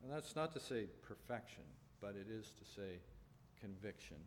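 A man with a very low voice preaches to a congregation in a large room. His delivery is earnest and measured, with pauses and restarts as he works through scripture. The sound carries a long reverb tail over faint background noise. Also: lively intonation. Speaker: pastor. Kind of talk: sermon with scripture reading.

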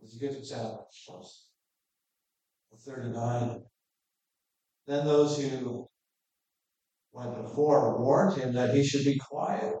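A man's voice: medium pitch, takes it slowly, pauses often, dark tone. A man preaching a verse-by-verse sermon, reading scripture aloud and then explaining it in a plain, conversational way. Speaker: pastor. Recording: echoey room, voice from a distance.

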